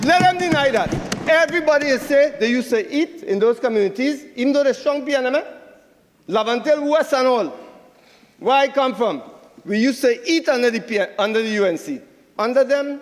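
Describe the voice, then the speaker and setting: A man's voice: very high-pitched, big-room sound. A man with a Trinidadian accent giving a combative senate debate speech, repeating phrases for emphasis. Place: senate chamber.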